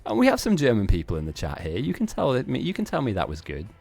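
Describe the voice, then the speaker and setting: A man's voice: mid-range voice, wildly swooping pitch, fast talker, vocal fry, darkish tone, breathy edge, soft background music. A man hosting a live-streamed game tournament, chatting casually in a rambling, self-mocking way with frequent laughs.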